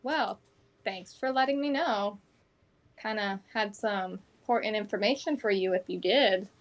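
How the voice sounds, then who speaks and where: A woman's voice: mid-range voice, unhurried. A woman player in a tabletop role-play game, speaking her character's lines in her own everyday voice.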